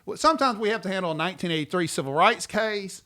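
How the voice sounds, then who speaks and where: Animated man, bright voice. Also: high voice, fast. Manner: animated, jokey, interrupts often. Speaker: podcast co-host, attorney. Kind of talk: casual podcast chat.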